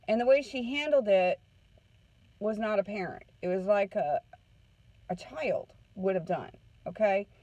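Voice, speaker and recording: A woman's voice: fairly high pitch, a little mellow, no room sound, poor audio. Woman, parenting counselor, chatty storyteller, checks in often, dry close mic. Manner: chatty storytelling, keeps asking "okay?". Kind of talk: casual morning talk to a group.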